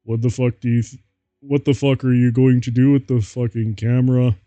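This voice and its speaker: A man's voice: mid-range voice, level tone, moderate pace, dark tone, no room sound, dull audio, natural voice. A man doing an impression voice for a brooding, protective goth vampire boy, drawling and emphatic. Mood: demanding.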